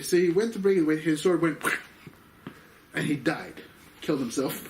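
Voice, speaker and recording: A man teaching a Torah class as a rabbi, telling stories excitably, dropping in Yiddish and Hebrew terms and acting out the people in them. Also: moderate pace, creaky. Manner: excitable, acts out quoted people with sudden jumps in pitch. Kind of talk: animated storytelling Torah class. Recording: distant mic with faint background noise.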